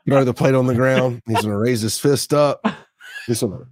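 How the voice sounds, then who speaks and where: A man's voice: mid-range voice, moderate pace, no echo. A man playing in a tabletop game, describing his character's actions in casual talk. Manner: animated, laughing. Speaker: player.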